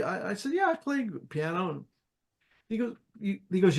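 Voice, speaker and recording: Animated older man telling a story. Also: sits high, a little fast. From New Jersey, US. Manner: animated anecdotes, acts out quoted voices, frequent restarts. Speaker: interview guest, jazz pianist. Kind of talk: casual storytelling.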